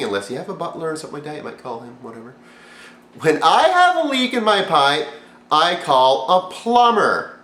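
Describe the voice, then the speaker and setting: In an echoey room, a male video reviewer delivers a sarcastic, profane comedy rant, lurching between loud outbursts and low mumbles.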